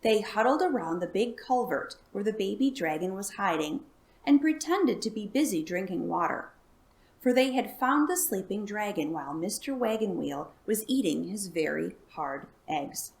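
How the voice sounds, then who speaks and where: A woman reading a children's chapter book aloud in a calm, even way. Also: mid-range voice, normal speed, vocal fry. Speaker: storyteller.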